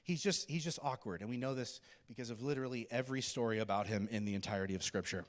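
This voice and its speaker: A man's voice: medium pitch, fast talker. A male pastor giving a sermon in a conversational, joking storytelling manner.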